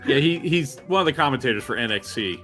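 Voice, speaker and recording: Podcast guy, bright forceful voice, dry laid-back storytelling, faint music. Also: mid-range voice, expressive, fast talker. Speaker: podcast co-host. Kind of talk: casual chat.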